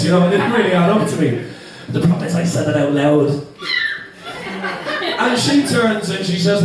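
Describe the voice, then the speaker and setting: A man's voice: sits high, animated, normal speed, long pauses, recorded from a distance, crowd noise. A man in his twenties from Ireland with a Dublin accent, doing a sweary, self-mocking stand-up set and laughing through his lines. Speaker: stand-up comedian. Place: comedy club stage. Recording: echoey club, mic from afar. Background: audience laughter.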